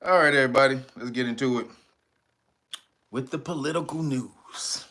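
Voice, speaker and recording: A middle-aged man hosting a casual livestream, loud and joking, laughing often and jumping into high playful voices. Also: normal speed. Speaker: livestream host.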